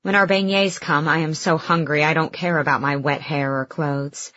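A woman narrating a novel in the first person, expressive and lively. Her voice sits low. The recording is muffled and dry. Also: moderate pace, no room sound. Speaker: audiobook narrator. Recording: dull dry studio recording.

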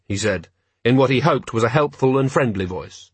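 A man narrating a novel in a measured, dry storytelling manner. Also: medium pitch, animated, breathy edge, no room sound. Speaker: audiobook narrator. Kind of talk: scripted narration.

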